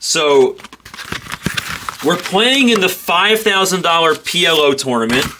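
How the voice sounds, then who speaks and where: A man's voice: fairly high pitch, expressive, unhurried, background noise. A man hosting a card break, telling stories in a rambling way and repeating himself. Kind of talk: casual storytelling during a live break. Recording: crinkling and tearing card packs.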